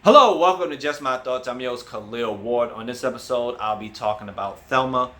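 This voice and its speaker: A man hosts a casual movie review in a voice of ordinary pitch. He tells the plot in a relaxed, conversational way and briefly puts on voices for the characters he quotes. Faint music plays underneath. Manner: acts out quoted characters with quick voice changes.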